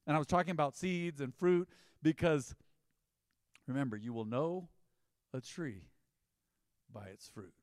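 A man's voice: fairly high pitch, a little slow, pauses often, no room sound, clean studio sound. A man preaching a sermon as pastor, in an emphatic, conversational style with rising bursts.

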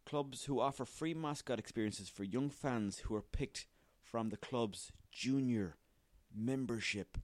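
A man's voice: medium pitch, a little slow, few pauses, dry recording. A man hosting a solo comedy podcast, sweary, rambling and self-mocking. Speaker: podcast host.

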